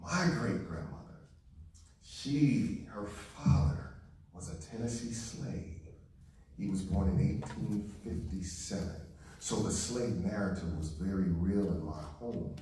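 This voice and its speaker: A man from St. Louis giving a keynote speech to a live audience, telling stories in a warm, conversational way. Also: low-pitched, measured pace, a little hiss or hum. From St. Louis, Missouri. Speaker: keynote speaker. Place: large hall with live audience. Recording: echoey hall, voice from a distance.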